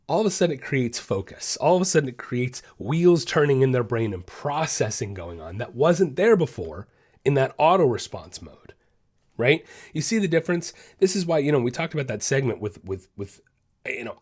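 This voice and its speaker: A man's voice: medium pitch, sing-song, normal speed, a little mellow. A man hosting a dog podcast, talking in a casual, emphatic way and repeating phrases to drive his point home. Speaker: podcast host and dog trainer.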